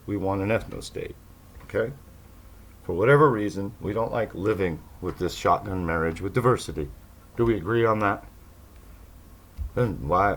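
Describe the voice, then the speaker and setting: A podcast host with a low, husky voice delivers a casual monologue to his listeners. He rambles sarcastically, tossing in mocking asides along the way.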